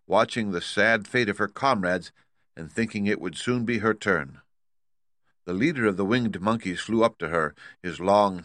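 A man narrating a storybook as an audiobook, reading in a measured storytelling way. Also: lowish voice, fairly bright tone, no echo. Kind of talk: scripted narration.

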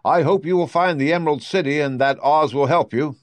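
A man voicing a kind, motherly female stork in a storybook reading, speaking slowly and carefully in a raised voice. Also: on the high side, dry recording, pitched above the performer's own voice, close to an everyday voice.

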